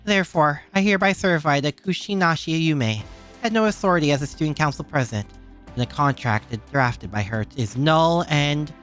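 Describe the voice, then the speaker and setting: A resolute schoolgirl vice president reads out a formal declaration in a lowered, solemn voice, put on by a streamer reading game dialogue. The tone is grave and steady, and faint game music sits behind it. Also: normal speed, natural voice.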